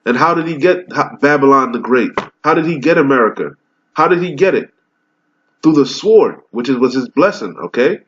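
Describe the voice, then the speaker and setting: Guy preaching hard off scripture, asks the crowd questions then answers em, mid-pitched voice, kinda dull muffled recording. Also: expressive, a bit bright. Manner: asks rhetorical questions and answers them himself; reads old scripture slowly and deliberately. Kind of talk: fiery scripture teaching.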